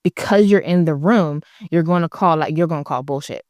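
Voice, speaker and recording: A candid woman speaking on a podcast, forthright and emphatic. Her voice sits a little low and comes across smooth and resonant. The recording is dry and close. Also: fairly quick, darkish tone, no room sound. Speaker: podcast guest. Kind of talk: candid conversational storytelling.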